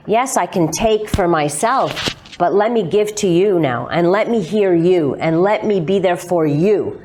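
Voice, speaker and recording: A woman therapist talking through relationship cases in conversation, explaining in quick animated bursts. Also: on the low side. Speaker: sex therapist, guest. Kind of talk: conversational discussion.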